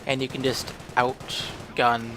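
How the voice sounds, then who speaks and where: This time the young man's mid-range voice is slow and level, with noise in the background. The gaming channel host rambles casually through a recorded strategy game, second-guessing his moves as he narrates.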